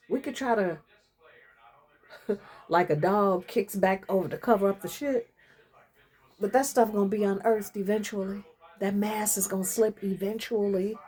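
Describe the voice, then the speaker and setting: A woman's voice: medium pitch, mellow. A middle-aged woman talking casually to her camera, emphatic and slangy, laughing often. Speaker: vlogger caring for her mother-in-law. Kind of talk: casual reflective monologue.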